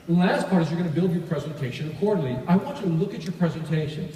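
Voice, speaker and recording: A man giving a live sales training talk to an audience, energetic and often asking them questions. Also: on the high side, rapid-fire, a little hiss or hum. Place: large hall. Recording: echoey hall recording from far off.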